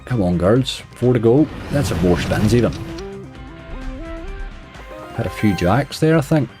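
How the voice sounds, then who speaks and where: A man's voice: lowish voice, animated, measured pace, darkish tone, soft background music. A man with a Northern Irish accent giving chatty running commentary as a slots streamer, grumbling at the game and chatting to viewers.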